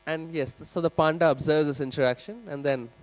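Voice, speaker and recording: This man's voice sits on the high side and moves at a fairly quick clip. He's giving a scripture class in a temple hall, animatedly narrating a story to the people in front of him and acting out its characters as sermon storytelling.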